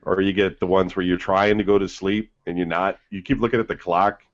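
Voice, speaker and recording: A man with a fairly low voice chats in a laid-back way on a podcast, chuckling through his remarks. The audio is dull and lo-fi. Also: little pitch movement, fairly quick. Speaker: podcast co-host. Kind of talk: casual chat.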